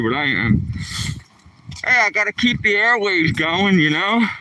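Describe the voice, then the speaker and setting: A man's voice: on the high side, bright, forceful tone, recorded from a distance, low-quality recording. A man in his sixties with a Philadelphia accent, chatting casually to live viewers by name while walking his dog outdoors by a lake. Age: 60s. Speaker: live streamer. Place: outdoors by a lake on a cool rainy morning.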